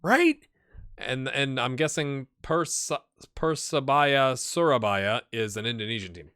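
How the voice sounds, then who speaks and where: A man's voice: medium pitch, lively intonation, unhurried, bright, forceful tone, clear, resonant tone, no room sound, clean studio sound. A man hosting a gaming channel, casually commenting on a management game, chatty and thinking aloud with rhetorical questions.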